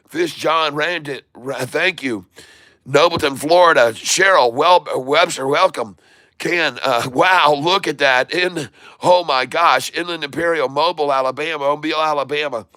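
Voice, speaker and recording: A man from Michigan hosting a casual live stream, excitedly reading out viewer shout-outs. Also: fairly high pitch, unhurried, no room sound. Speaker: livestream host. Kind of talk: casual livestream chat.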